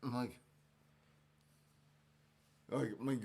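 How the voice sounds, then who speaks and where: A man's voice: mid-range voice, unhurried, pauses often. Man telling a story with gusto. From Ohio, US. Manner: animated storyteller, swears freely. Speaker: guest. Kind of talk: casual chat.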